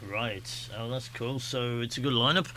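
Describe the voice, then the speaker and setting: Bright and forceful, this mid-range male voice carries a Staffordshire accent and fairly even intonation at a moderate pace. The Stafford-born host chats casually on his radio show in a rambling, self-deprecating way, often restarting his sentences.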